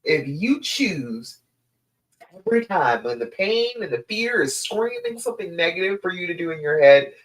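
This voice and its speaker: A woman's voice: lowish voice, animated, normal speed. A woman relationship coach giving a direct, emphatic live stream talk to her listeners. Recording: echoey room.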